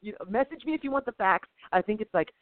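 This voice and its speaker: Excitable woman telling a story on a phone line. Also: mid-range voice, fast, slight background noise. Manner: animated, mimics sounds and voices, laughs often. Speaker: podcast co-host. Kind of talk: casual storytelling chat. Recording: tinny phone-like sound, dry.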